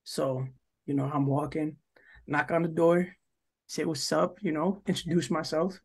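Husky rambling young man telling stories. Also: on the high side, fairly even intonation, a little slow. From New Jersey. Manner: rambling, profane, full of "like" and "yo", acts out quoted lines. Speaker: podcast co-host. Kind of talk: casual storytelling chat.

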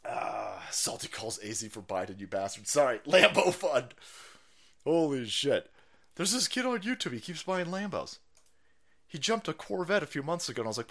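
Loud, lively, ranting man host. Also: fairly high pitch, normal speed. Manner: loud sarcastic ranting, swearing, mocking voices. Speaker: political stream host. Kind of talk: profane ranting commentary.

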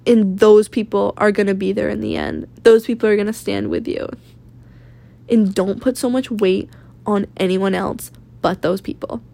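A woman's voice: mid-range voice, gravelly, a little mellow. Twenties woman from Maine, confessional vlogger, fried voice, blunt and rambling. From Maine, USA. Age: 20s. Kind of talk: candid personal vlog rant. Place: rented room at home.

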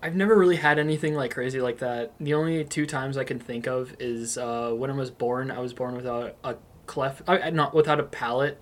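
Young male co-host, mid pitch, loose rambling chatter full of fillers. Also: a little fast. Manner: rambling, filler-heavy, laughs easily. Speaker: podcast co-host. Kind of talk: casual chat.

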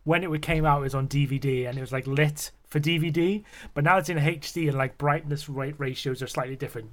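A young man co-hosting a casual podcast chat, rambling, laughing often and swearing freely. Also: fairly high pitch. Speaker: podcast co-host.

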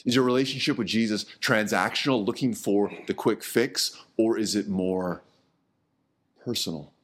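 A middle-aged man preaching a sermon in a conversational way, often repeating words and dropping low and soft on key words. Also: moderate pace. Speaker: pastor.

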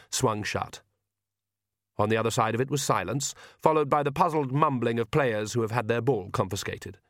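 Dry, measured male audiobook narrator. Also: mid-range voice, no room sound. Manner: measured, wry storytelling. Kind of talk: scripted narration.

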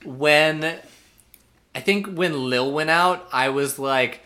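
Bright-voiced chatty podcast man. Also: mid-range voice, unhurried. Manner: chatty, laughs often, reads out facts. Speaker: podcast co-host. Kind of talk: casual chat.

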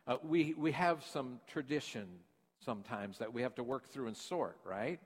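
A man's voice: mid-range voice, moderate pace. An older man preaching a casual sermon as a pastor. He tells a story in a folksy way and asks the congregation questions. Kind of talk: conversational sermon. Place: church sanctuary. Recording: long church hall reverb.

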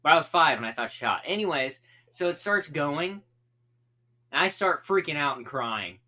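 A man's voice: fairly high pitch, lively intonation, normal speed, bright, forceful tone. A young man co-hosting a casual podcast, joking and rambling, often repeating words. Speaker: co-host. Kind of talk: casual chat.

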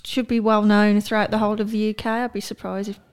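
A woman co-hosting a podcast, chiming in with lively, enthusiastic remarks in casual chat. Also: mid-range voice, fast talker, smooth. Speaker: podcast co-host.

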